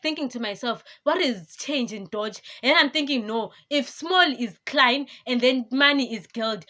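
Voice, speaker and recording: A young woman tells her vlog story in a chatty, animated way, mimicking the people she met. Her voice sits high and sounds bright and forward. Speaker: vlogger. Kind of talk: casual storytelling to camera.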